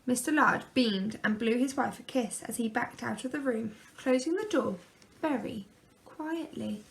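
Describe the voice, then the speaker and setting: A woman reading a children's picture book aloud, gently and expressively. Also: on the high side, unhurried, vocal fry. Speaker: storyteller.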